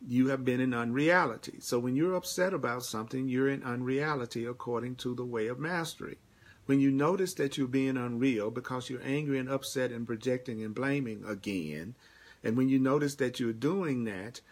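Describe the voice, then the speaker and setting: Guy doing a live spiritual lesson, plain mid voice, keeps hammering the same lines over and over. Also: mid-range voice. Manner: repetitive, emphatic, repeats key phrases; answers viewer comments by name. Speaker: spiritual teacher. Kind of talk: live-streamed spiritual teaching.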